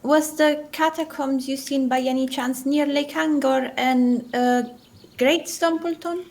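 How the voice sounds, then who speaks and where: A woman's voice: high voice, steady tone, unhurried, darkish tone. A woman playing a tabletop game, asking eager questions. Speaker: player.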